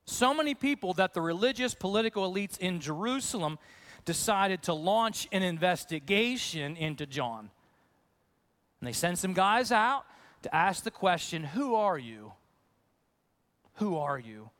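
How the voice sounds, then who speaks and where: A man's voice: high voice, moderate pace. A man, a pastor, preaching a conversational sermon to his congregation, acting out voices as he goes. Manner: conversational, animated, acts out questions.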